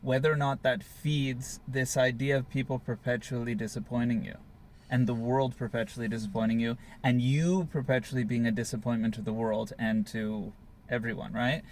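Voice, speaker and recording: A man's voice: mid-range voice, steady tone, normal speed, a little mellow, a little hiss or hum. A man in a candid couple conversation, thinking aloud in a reflective, searching way. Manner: reflective, searching, many fillers. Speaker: co-host.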